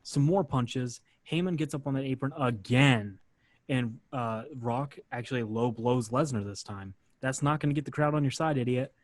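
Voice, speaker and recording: A man's voice: mid-range voice, normal speed, dry recording. A man hosting a podcast, casually narrating a match play by play with lots of "uh" fillers. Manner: relaxed, filler-heavy narration. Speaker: podcast host.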